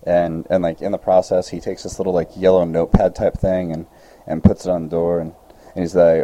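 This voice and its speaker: A man's voice: deep voice, fairly quick, few pauses, a little hiss or hum, low-quality recording. A young man chatting casually as a podcast co-host, rambling through a story and acting out the people in it. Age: young adult. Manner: rambling, animated retelling with quoted voices.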